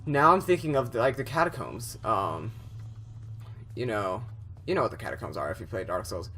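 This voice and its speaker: A man's voice: medium pitch, animated, moderate pace, bright, forceful tone. A young man commentating a horror game he is playing, rambling with lots of fillers and restarts, easily startled. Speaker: gameplay commentator.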